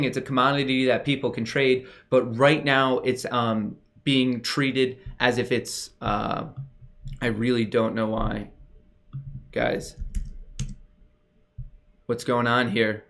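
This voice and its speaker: A young man hosting a casual livestream, excitable and gushing as he talks straight to his viewers. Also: medium pitch, slow, vocal fry, pauses often. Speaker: livestream host.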